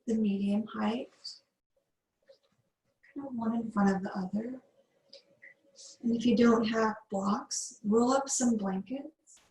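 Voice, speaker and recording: A woman leads a yin yoga practice, speaking slowly in an even, level tone. She gives soothing breath cues with long pauses between them. Her voice carries a roomy echo. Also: fairly high pitch. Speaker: yoga teacher. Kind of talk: guided yin yoga meditation.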